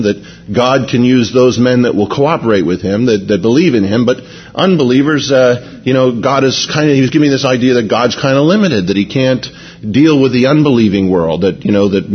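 Telling a loose, meandering personal story as a sermon, this man keeps saying "you know" and starting over. His voice is medium in pitch and slightly rough, captured in lo-fi sound.

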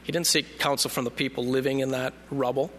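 A man's voice: medium pitch, steady tone, brisk, a bit bright, a little hiss or hum. A man preaching a sermon in a conversational way, reading scripture aloud and joking when he trips over names. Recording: long reverb of a hall.

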